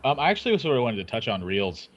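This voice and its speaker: A man's voice: mid-range voice, big pitch swings, quick pace, dull audio. A man talking casually on a gaming panel, easygoing and self-deprecating. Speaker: Hearthstone caster and panel host.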